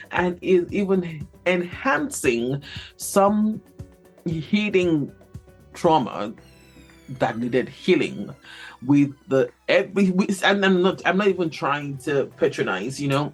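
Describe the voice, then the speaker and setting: Podcast host, female, husky, animated, laughs easily; faint music bed. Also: lowish voice. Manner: animated, laughs often, repeats words. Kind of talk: casual podcast chat.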